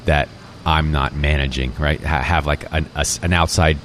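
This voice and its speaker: A restaurant owner in his forties tells his story in a casual interview, his voice strikingly low and deep. He sounds relaxed and reflective, speaking at a moderate pace with plenty of fillers and restarts, while faint noise lingers in the background.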